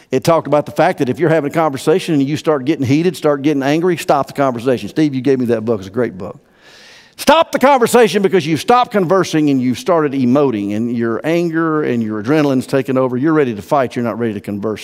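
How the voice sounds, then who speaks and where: A man preaching a sermon as pastor, emphatic and swinging from hushed to loud. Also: fairly high pitch. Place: church sanctuary. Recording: long church-hall reverb.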